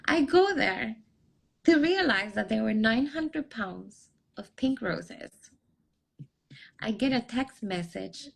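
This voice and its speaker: A young adult woman with a medium-pitched, gravelly, husky voice is heard on a low-quality recording. Appearing as a podcast guest, the relationship coach tells a personal story in an interview, animatedly performing its dialogue with a raised voice.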